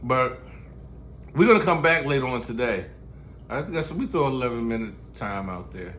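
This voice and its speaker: A man in his sixties from Baltimore talks in casual chat. He tells his stories candidly and jokes and laughs often. His voice is bright and forward, with a faint hiss of noise behind it. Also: medium pitch, expressive, normal speed. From Baltimore, USA. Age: 60s. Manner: laughing, storytelling, candid and joking. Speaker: musician and show host.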